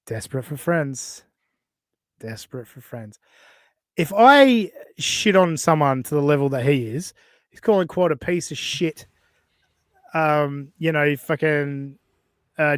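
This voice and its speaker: A man's voice: on the high side, smooth, dry recording, studio quality. Blunt, profane male podcast host. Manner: profane, blunt, laughs between jabs. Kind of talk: casual podcast banter.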